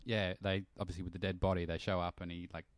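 Man, low voice, halting delivery, dry close sound. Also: flat delivery, clear, resonant tone, no echo. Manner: halting, restarts mid-word. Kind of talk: casual film discussion.

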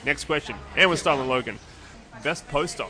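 A man's voice: a little high, pushed and bright, faint music behind. Man running a casual movie quiz. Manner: judging and scoring, brisk. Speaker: quiz host. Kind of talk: casual podcast game.

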